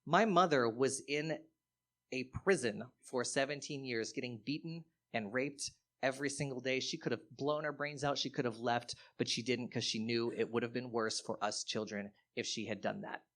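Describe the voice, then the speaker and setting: A man performing stand-up comedy on stage, telling a story in an animated, profane way with sudden loud outbursts. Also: medium pitch, normal speed. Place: live stage show.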